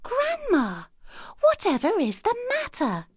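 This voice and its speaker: A woman voicing a trusting little girl in a storybook, speaking in a high, bright childlike voice. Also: wildly swooping pitch, slow pace, dry recording, clean studio sound, full character voice. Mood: puzzled. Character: little girl in a red cloak, eager and trusting.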